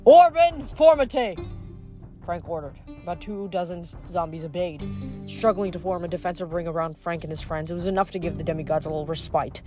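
A reader narrating a novel aloud at a steady, even pace, with small slips corrected on the fly. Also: medium pitch, fast talker, over music. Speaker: audiobook reader.

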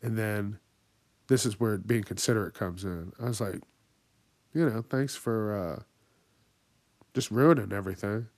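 A man's voice: lowish voice, a little slow, long pauses, darkish tone, no echo. A man hosting a podcast, ranting angrily and swearing constantly, acting out other people in raised voices. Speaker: podcast host. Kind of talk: profane ranting monologue.

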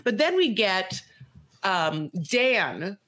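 A woman co-hosting a podcast, chatting casually and gossiping as she recaps, acting out quotes with animated jumps in her voice. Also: mid-range voice, very slow. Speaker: podcast co-host.

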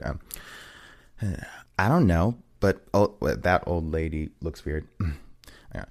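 A man's voice: deep voice, slow, darkish tone. A man co-hosting a comedy podcast, restarting spoof lines and cursing when he trips up. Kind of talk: casual blooper outtakes.

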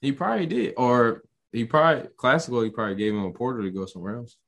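A young man co-hosting a casual podcast, excitable and slangy as he reacts to a show. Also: medium pitch, quick pace. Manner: excitable, slangy, rises sharply when enthused. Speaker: podcast co-host. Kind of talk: casual podcast recap chat.

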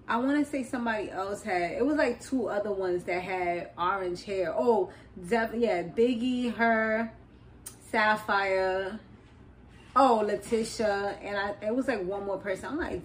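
A young woman hosting a podcast, casually recapping a reality show in an animated, slangy way, laughing often and wandering into side notes. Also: mid-range voice, a little slow, slight background noise, rough recording. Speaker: podcast host.

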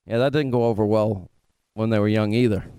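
A man's voice: fairly low pitch, steady tone, brisk, warm tone, clean tone, no echo. A middle-aged man hosting a radio show, telling rambling stories with lots of restarts in casual banter. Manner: rambling, self-interrupting storyteller. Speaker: radio host.

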